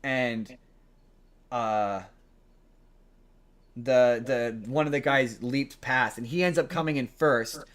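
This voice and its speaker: A man hosting a podcast, casually retelling a film plot in a rambling, animated way. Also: mid-range voice, slow, pauses often. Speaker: podcast host. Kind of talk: casual chat.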